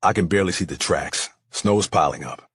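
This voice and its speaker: A man's voice: low-pitched, moderate pace, a bit bright, slightly rough, no room sound, studio quality, voice pushed down, heavily acted. A man voicing a blunt, terse male detective partner in an audiobook. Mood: urgent.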